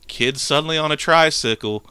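A man's voice: fairly high pitch, brisk, pushed and bright, smooth. A young man telling a rambling, crude dream story in a casual podcast chat. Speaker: podcast co-host.

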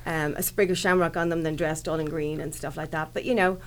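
A woman's voice: deep voice, fairly even intonation, brisk. Chatty Irish woman guest. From Ireland. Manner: chatty, lots of fillers. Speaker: shop owner guest. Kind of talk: casual chat.

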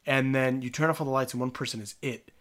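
A man chats casually with friends, spinning childhood stories and slipping into playful acted-out quotes. He laughs easily, and his voice sits at an ordinary middle pitch. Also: fast talker. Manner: animated storyteller, acts out quotes, laughs often. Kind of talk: casual chat among friends.

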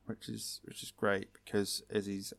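A man's voice: on the low side, monotone, unhurried, vocal fry, a bit bright. A man co-hosting a podcast, recapping episodes in a sarcastic, chatty way. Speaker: podcast co-host. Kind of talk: casual podcast chat.

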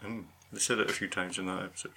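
A man's voice: low-pitched, flat delivery, fast, gravelly, pushed and bright. A man co-hosting a podcast, chatting casually and teasing his co-host. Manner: teasing, incredulous. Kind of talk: casual chat.

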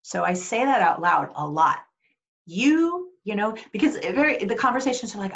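A middle-aged woman speaking earnestly and warmly as an interview guest, with frequent restarts and fillers. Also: medium pitch, animated, normal speed, gravelly. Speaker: interview guest, Paralympian and advocate. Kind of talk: casual conversational interview.

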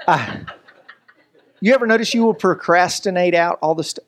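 A man, preaching a lively, joking sermon as pastor. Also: high-pitched, unhurried, long pauses. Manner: animated, joking, preacherly delivery with voices and asides.

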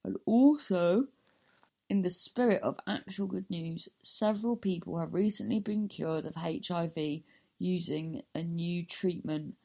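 Here a woman comedian signs off her own podcast in a lowish, gravelly, warm voice, speaking a little slowly. The casual goodbye wanders, pokes fun at herself, and keeps losing the thread.

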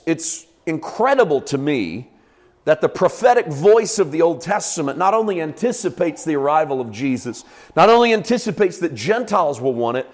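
A man's voice: a little high, in a large hall. A male pastor preaching a sermon in an emphatic, conversational way.

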